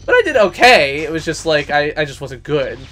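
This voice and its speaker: A man's voice: a little high, sing-song, brisk, sharp tone. Chatty man rambling over gameplay. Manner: chatty, self-mocking, rambling. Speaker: gaming streamer. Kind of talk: casual gameplay commentary. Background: faint game music.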